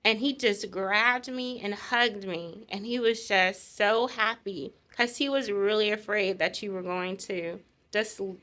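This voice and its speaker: Bright, lively woman telling a story. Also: medium pitch, a little slow, hardly any pauses. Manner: laughs often, animated storytelling. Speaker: co-host telling her engagement story. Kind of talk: casual chat.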